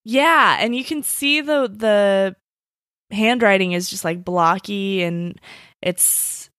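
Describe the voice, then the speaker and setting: A woman co-hosting a podcast in loose, profane chat, peppering her talk with "like." Her voice sits at an ordinary middle pitch and sounds dry and close, with no room echo. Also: slow pace, fairly bright tone, clean tone. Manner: casual and profane, full of "like" fillers. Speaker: podcast co-host. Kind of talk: casual chat.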